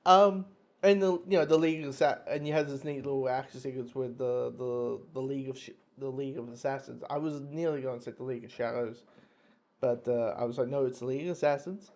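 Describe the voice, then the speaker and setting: A man's voice: medium pitch, steady tone, a little fast, a little mellow. A man giving a casual, rambling spoken review of a comic, with frequent restarts, swearing and laughing at himself.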